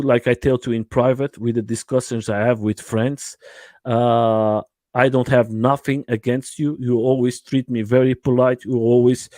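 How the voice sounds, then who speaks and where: A man hosting a casual livestream interview from home, his English halting and non-native, full of fillers and restarts. His voice sits at an ordinary mid pitch and sounds dry and close, with no room echo. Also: a little mellow. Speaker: livestream host.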